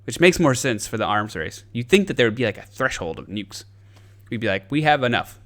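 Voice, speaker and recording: A man's voice: fairly low pitch, big pitch swings, fairly quick, fairly bright tone. A man hosting a podcast, ranting in a casual, sarcastic, profane comedic way. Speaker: podcast host.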